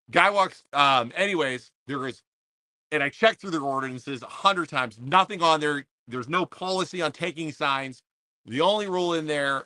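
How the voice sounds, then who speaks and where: A fired-up man rants straight at his viewers, repeating himself as he builds his point. His voice is bright and forceful, at a middle pitch. The sound is dry and close, from outdoors under an umbrella in pouring rain. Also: no room sound. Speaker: podcast host. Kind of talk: casual livestream rant.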